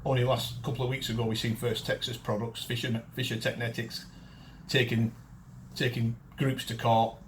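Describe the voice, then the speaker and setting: A man's voice: medium pitch, flat delivery, normal speed, a little hiss or hum. A man, hosting a detecting show and ranting bluntly to camera. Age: 50s. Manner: blunt, ranting, frequent restarts. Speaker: detecting show host and dealer. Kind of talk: casual chat to camera.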